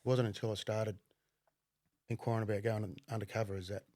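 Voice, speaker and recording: A middle-aged man, a podcast guest telling his story bluntly, with plenty of swearing and halting fillers. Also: lowish voice, flat delivery, darkish tone, no echo. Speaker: podcast guest, former undercover cop. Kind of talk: casual conversational storytelling.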